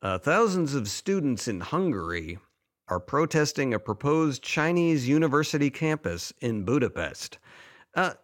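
A man's voice: medium pitch, big pitch swings, a little slow. A man co-hosting a chat show, reading his own monologue jokes and laughing at himself. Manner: self-deprecating, chuckling at own jokes. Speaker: podcast co-host.

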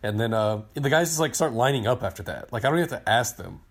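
A man in his thirties on a podcast, telling a long story in a casual, excited, rambling way and acting out what people said. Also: medium pitch, quick pace, slightly rough. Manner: excited, rambling storyteller who acts out quotes. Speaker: podcast co-host, team digital director.

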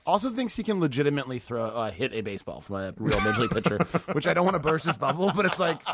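A man in his thirties, a comedian guest chatting casually on a podcast, animated and laughing often as he tells stories. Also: a little high, quick pace, slight background noise.

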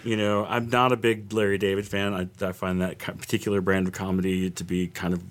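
A man's voice: sits low, level tone, fairly quick. A man co-hosting a podcast in casual chat, with wry, dismissive asides. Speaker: podcast co-host.

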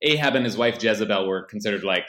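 A man talking casually on a podcast, rambling through his points with lots of fillers and restarts. His voice is bright and clear, with a noticeable echo from the room around him. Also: fairly low pitch, quick pace. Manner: rambling, hesitant, frequent fillers. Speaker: podcast co-host. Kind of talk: casual chat.

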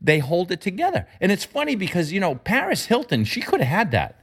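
A man discussing marketing in an emphatic, animated way, his pitch jumping up when he makes a point. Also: fairly quick, slightly rough. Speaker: marketing commentator. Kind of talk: conversational discussion.

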